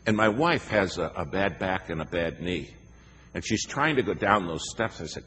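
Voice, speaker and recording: A man's voice: deep voice, lively intonation, normal speed, pushed and bright. A middle-aged man preaching a sermon, emphatic and storytelling. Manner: emphatic, storytelling with acted quotes. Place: church sanctuary. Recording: reverberant hall with faint noise.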